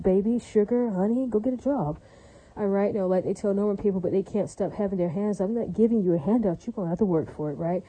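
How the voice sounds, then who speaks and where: Brief: fast-talking woman with a husky, mellow voice, chatty and blunt, keeps checking in with "right?". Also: medium pitch, poor audio. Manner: chatty, keeps asking "right?" and "does that make sense?"; blunt and crude, with many fillers. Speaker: vlogger. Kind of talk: casual rambling monologue.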